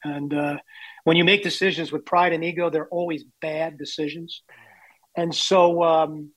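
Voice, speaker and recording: A man's voice: on the high side, little pitch movement, measured pace, a bit bright, dry recording, rough recording. Candid storytelling man in his sixties, dry sound. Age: 60s. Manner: candid, self-deprecating anecdotes. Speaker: baseball executive guest. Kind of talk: storytelling interview.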